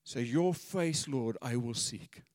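A man's voice: medium pitch, slow pace, a little mellow, no echo, big-room sound. A man preaching a sermon in an earnest, conversational way, often repeating his words.

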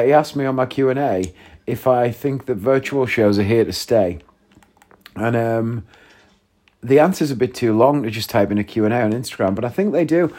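A man's voice: mid-range voice, darkish tone. Rambling man chatting casually. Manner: rambling, joking, easily sidetracked. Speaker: podcast host. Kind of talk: casual chat. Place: home, gaming while recording.

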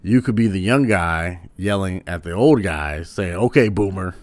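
A man giving a casual commentary, rambling a little and filling pauses with "um". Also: sits low, no echo. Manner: rambling, with frequent "um"s.

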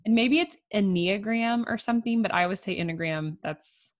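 A woman's voice: medium pitch, a little fast, a crowd in the background. A young woman co-hosting a podcast, chatting casually and filling her talk with "like", laughing easily. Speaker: podcast co-host. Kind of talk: casual chat.

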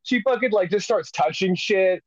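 A man's voice: sits high, normal speed, no room sound, lo-fi sound. A man co-hosting a casual comedy chat, swearing a lot and acting out quotes as he tells stories. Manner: swears a lot, animated storytelling with acted-out quotes. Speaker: podcast co-host.

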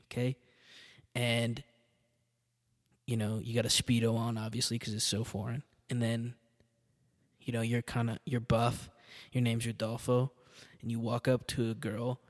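A man's voice: medium pitch, long reverb tail. A man hosting a solo podcast, rambling casually and swearing a lot. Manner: rambling, profane, with laughs. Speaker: podcast host.

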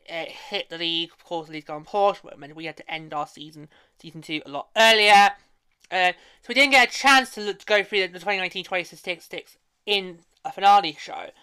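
A woman's voice: mid-range voice, fairly bright tone, clear, resonant tone, dry recording. A woman hosting a hockey podcast, talking casually and emotionally, rambling with frequent restarts. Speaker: podcast host.

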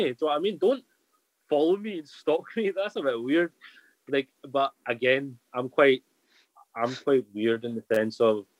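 A man's voice: mid-range voice, no room sound, rough recording. A man chatting as a podcast guest, candid and rambling, often restarting his sentences. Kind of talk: casual chat.

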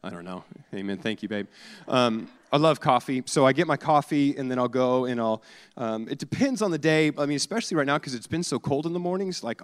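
A man in his forties preaching a conversational sermon, telling personal stories in a casual, self-deprecating way with many fillers and restarts. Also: mid-range voice. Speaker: pastor. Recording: long hall reverb.

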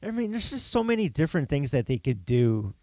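A man hosting a casual chat, talking in a relaxed, rambling way with many fillers. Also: on the high side, fairly quick, no room sound.

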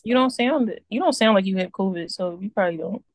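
A woman's voice: medium pitch, fast, no room sound. A woman co-hosting a podcast, trading playful, teasing banter with her friends. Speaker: podcast co-host. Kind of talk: casual chat.

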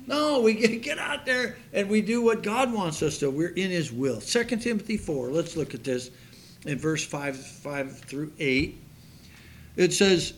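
A man's voice: fairly high pitch, expressive, a little slow. A man preaching a sermon in a folksy storytelling manner, acting out the people in his stories. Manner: folksy storytelling, acts out quoted voices. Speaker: pastor.

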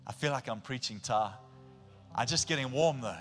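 A male pastor with a South African accent preaching a sermon, telling stories with animation and swinging between a hush and a shout. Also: mid-range voice, normal speed. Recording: long hall reverb with faint music.

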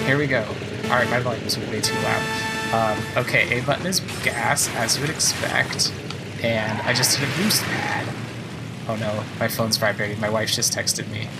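Excitable man commentating his gameplay. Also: mid-range voice, low-quality recording. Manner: excitable, chatty, thinks aloud while playing. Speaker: podcast host playing a video game. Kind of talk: casual let's-play commentary. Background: game music.

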